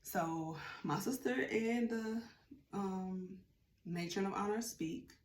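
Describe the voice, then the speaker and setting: A woman's voice: mid-range voice, slow, slight background noise. Chatty woman telling a story. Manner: chatty, animated, acts out quotes. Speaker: vlogger. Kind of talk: casual storytime. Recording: roomy room with faint ambience.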